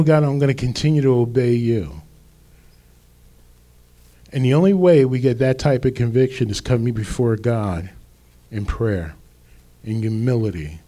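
A man preaching a sermon as pastor, slow and deliberate with emphatic rises. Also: medium pitch, dark tone.

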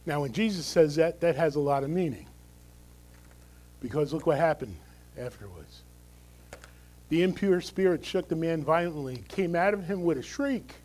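Husky-voiced male pastor preaching. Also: on the high side, moderate pace, pauses often, darkish tone, poor audio. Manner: conversational, emphatic, with tag questions. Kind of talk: sermon.

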